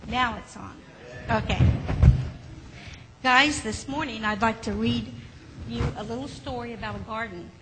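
Woman, children's story reading, high-pitched, gentle, expressive, slight hall echo, faint noise. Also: unhurried, long pauses.

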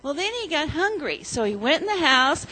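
A woman leading a children's sermon, telling a story gently and asking the children questions. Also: sits high, sing-song, moderate pace, poor audio.

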